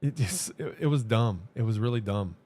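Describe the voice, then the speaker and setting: A man's voice: on the low side, animated, normal speed, warm tone. A man streaming a game, chatting casually in a rambling, hesitant way with many restarts and fillers. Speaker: gaming streamer. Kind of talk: casual rambling chat while gaming.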